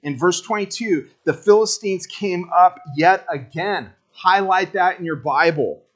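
A man's voice: sits high, measured pace. A man preaching a sermon as pastor, casual and joking, talking straight to the congregation.

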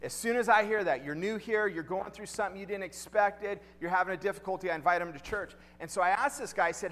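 A man's voice: high voice, quick pace, few pauses, a bit bright, long reverb tail. A male pastor preaching a sermon in a conversational way, asking the congregation questions and repeating key lines.

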